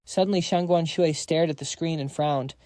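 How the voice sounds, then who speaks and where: A man's voice: fairly high pitch, fairly even intonation, normal speed, darkish tone, dry recording. A man narrating a comic recap in a casual, slangy storytelling voice, reading every part himself.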